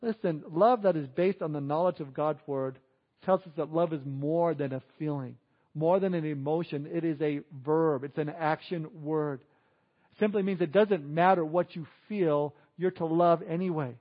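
A man preaching a sermon as a pastor, animated, acting out quoted people in exaggerated voices. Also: on the high side, moderate pace, muffled recording.

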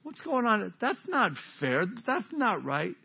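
A man's voice: sits high, sing-song, a little slow, gravelly, breathy edge, voice pushed up, full character voice. A man preaching voices grumbling field workers who protest that something is unfair, on a dull lo-fi recording. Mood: indignant. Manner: whiny, protesting. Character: indignant field workers, men complaining.

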